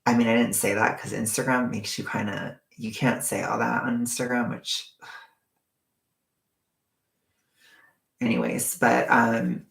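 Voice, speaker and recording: A man's voice: mid-range voice, flat delivery, slow, gravelly, pauses often, fairly bright tone. A young man chatting casually to his viewers in a campy, talkative way with frequent swearing and asides. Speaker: vlogger. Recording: echoey room.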